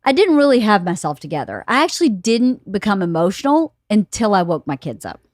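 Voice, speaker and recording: Animated woman in her fifties telling a story. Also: mid-range voice, fairly quick, no room sound, studio quality. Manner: animated storyteller who laughs often and acts out quotes. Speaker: podcast host. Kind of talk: casual chat. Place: home studio room.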